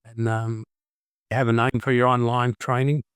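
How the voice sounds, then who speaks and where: A man hosts a casual podcast chat, full of jokes and long anecdotes. His voice sits at an ordinary middle pitch. The sound is dry and close. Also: flat delivery, moderate pace, clear, resonant tone, dry recording. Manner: jokey, tells long anecdotes. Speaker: podcast host.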